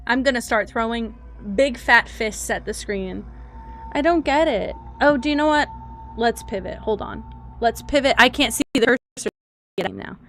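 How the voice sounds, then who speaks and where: Woman streamer, higher voice, flustered and jokey, chatting to viewers at her desk mic. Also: moderate pace. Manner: flustered and joking, swears, talks to chat. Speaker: livestreamer. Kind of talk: casual live-stream chat.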